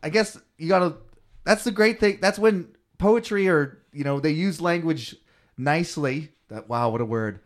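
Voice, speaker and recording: A man's voice: on the high side, normal speed. Man reading scripture aloud, then riffing. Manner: reads verses aloud in a raised voice, then riffs loosely. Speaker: podcast co-host reading scripture. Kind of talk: casual comedic chat.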